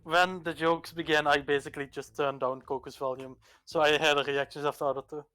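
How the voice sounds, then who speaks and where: A man's voice: a little high, little pitch movement, a little fast, sharp tone, soft background music. A man playing a tabletop game, giving short joking replies in casual chat. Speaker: player.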